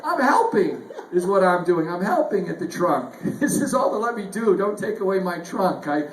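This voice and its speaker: Male stand-up, high voice, chuckles a lot, echoey club. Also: moderate pace. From Northern Ireland. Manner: chuckles through lines, animated retellings. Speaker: stand-up comedian. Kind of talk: stand-up comedy set. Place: comedy club stage. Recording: echoey club, faint noise.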